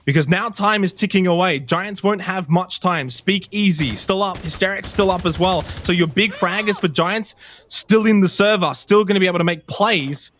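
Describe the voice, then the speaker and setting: Excitable high-voiced male esports caster. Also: normal speed. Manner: excitable, shouting at big plays. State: losing his voice. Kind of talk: play-by-play commentary.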